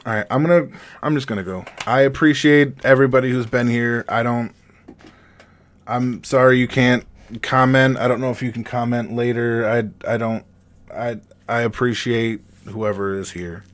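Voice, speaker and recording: A man streaming a raw, confessional monologue, halting and rambling with heavy swearing, emotionally distressed. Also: medium pitch, steady tone.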